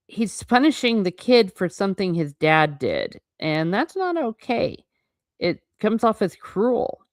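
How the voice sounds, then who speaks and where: A woman's voice: low voice, no room sound, clean studio sound. A woman hosting a book channel, reading passages aloud and giving frank, opinionated commentary, often stumbling over words.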